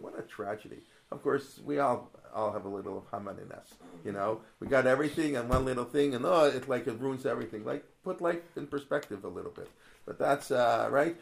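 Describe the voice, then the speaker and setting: A man's voice: medium pitch, brisk, creaky. A man teaching a text study class in a casual, conversational way, asking rhetorical questions and quoting verses aloud. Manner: conversational, asks many rhetorical questions, quotes Hebrew verses; digressive, with many restarts. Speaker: religious studies teacher. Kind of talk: Torah class lesson.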